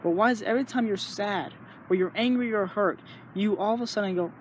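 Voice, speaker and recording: A man's voice: sits high, fast talker, slight background noise. A young man talking earnestly in a rambling, casual way, sharing his thoughts and acting out little inner voices. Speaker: vlogger. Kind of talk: casual spoken reflection.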